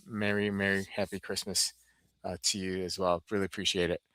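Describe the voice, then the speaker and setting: Low-voiced rambling podcast host. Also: male voice, flat delivery, sharp tone, no echo. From Northeastern United States. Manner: rambling, halting, many restarts. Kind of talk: casual podcast chat, reading viewer comments.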